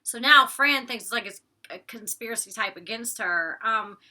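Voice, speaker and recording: A young woman with a very bright, sharp voice talks through a reality show in loose, slangy chat. Her pitch sits a little high, and she breaks into quick impressions of what people said. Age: young adult. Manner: chatty, slangy, acts out quotes with laughs. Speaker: vlogger reviewing a reality show. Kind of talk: casual recap chat.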